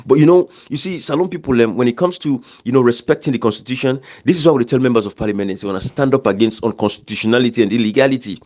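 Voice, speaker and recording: A Sierra Leonean man making an earnest case in a political chat, his voice mid-pitched. He talks at a quick clip, as heard through a phone voice message. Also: a little mellow.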